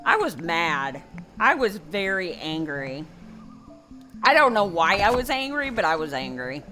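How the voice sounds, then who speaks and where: A woman's voice: lowish voice, very animated, measured pace, bright, forceful tone, faint music behind. An older woman hosting a gaming video, telling a rambling folksy story over her gameplay. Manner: rambling, folksy, chatty with many fillers. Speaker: gaming channel host. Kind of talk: casual gameplay commentary with storytelling.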